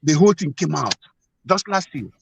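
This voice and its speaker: A man earnestly telling a personal story as a guest, halting and repeating himself often. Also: on the high side, lively intonation, creaky, breathy edge, low-quality recording. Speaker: guest sharing a marriage problem.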